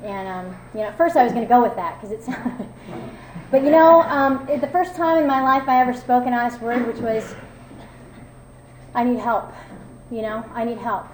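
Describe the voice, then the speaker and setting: A woman's voice: fairly high pitch, expressive, brisk, slight background noise. Candid woman sharing her story. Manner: candid, self-mocking, conversational with many fillers. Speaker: recovery meeting speaker. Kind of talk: personal testimony talk. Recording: echoey room with faint ambience.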